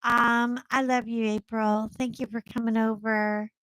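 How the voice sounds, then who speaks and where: A woman's voice: a little high, flat delivery, measured pace, fairly bright tone, clear, resonant tone, no room sound, poor audio. A middle-aged woman hosting a casual live chat with viewers, blunt and chatty, often laughing as she talks. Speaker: livestream host.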